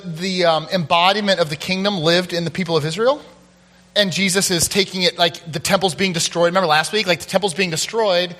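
Man, pastor, bright voice, playful, animated, long hall reverb. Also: high voice, a little fast. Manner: animated, playful, thinks aloud. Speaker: pastor leading discussion. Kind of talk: casual church Bible discussion.

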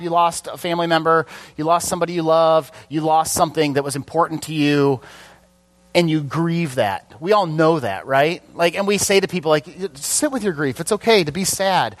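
A man's voice: fairly high pitch, brisk. A middle-aged man preaching a conversational sermon, chatty and casual, often asking the congregation questions. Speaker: pastor.

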